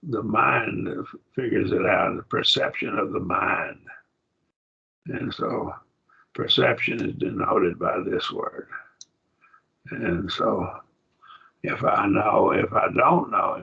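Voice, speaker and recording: Bible class teacher, male, gravelly and breathy, lower voice, dull lo-fi sound, halting delivery. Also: sharp tone. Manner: halting, thinks aloud with restarts. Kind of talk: Bible study lesson on Greek text. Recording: dull lo-fi recording.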